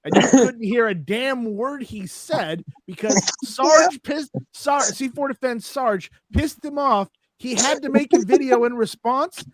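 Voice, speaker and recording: A man's voice: very high voice, expressive, measured pace, hardly any pauses, no echo, rough recording. Chatty man telling old stories. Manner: storytelling, laughs often, stammers on restarts. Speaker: host. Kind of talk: casual chat.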